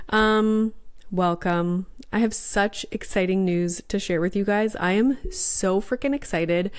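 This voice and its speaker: Chatty woman in her thirties, host of a mom podcast; bubbly, smooth clear voice, a little stuffy from a sinus infection. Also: mid-range voice, measured pace. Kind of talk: casual chat.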